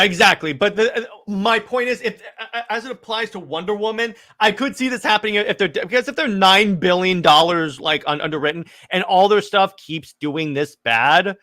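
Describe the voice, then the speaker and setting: Bright-voiced man rambling in excited chat. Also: high voice. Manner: excited, rambling with frequent restarts and stammers. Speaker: podcast co-host. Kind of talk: casual chat.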